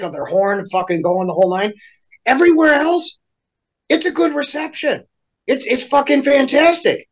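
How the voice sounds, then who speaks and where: A man's voice: high-pitched, vocal fry, fairly bright tone, poor audio. A man in a casual podcast chat, ranting heatedly with constant swearing and mocking impressions of other people. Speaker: podcast guest. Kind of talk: profane casual rant.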